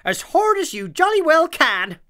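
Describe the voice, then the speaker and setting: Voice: very high-pitched, very animated, a little slow, sharp tone, voice pushed up, exaggerated voice. Captain Jolly: a narrator doing a hearty sea captain. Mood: rousing.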